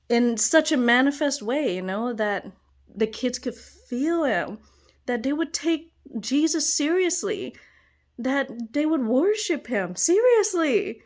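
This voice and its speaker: A young woman and children's church teacher giving an excited personal testimony, gushing and exclamatory, often breaking into laughter. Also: high voice, measured pace.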